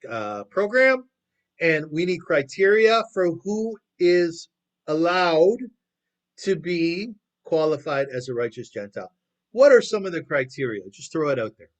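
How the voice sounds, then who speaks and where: A man giving a storytelling lecture over a video call, speaking conversationally and asking his audience questions. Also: a little high.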